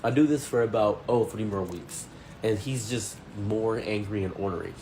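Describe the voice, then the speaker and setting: A man's voice: lowish voice, normal speed, background noise. A man narrating a first-person story in a blunt, indignant, conversational way.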